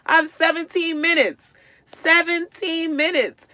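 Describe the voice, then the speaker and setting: Gravelly, high-voiced woman ranting. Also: normal speed, no echo. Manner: animated, swings from low mutters to loud exasperated outbursts. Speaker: live-stream host. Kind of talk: casual storytelling to viewers.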